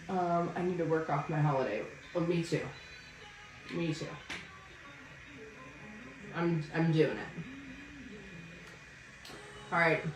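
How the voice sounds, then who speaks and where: A woman hosting a casual live stream selling wigs, bantering loudly and laughing with viewers. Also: mid-range voice, distant mic, a little hiss or hum. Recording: roomy sound from off-mic with faint music.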